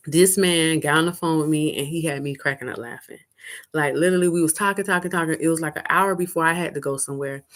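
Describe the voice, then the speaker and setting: A middle-aged woman telling a personal dating story casually, candid and profane. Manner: candid and profane, with animated high-pitched quoting.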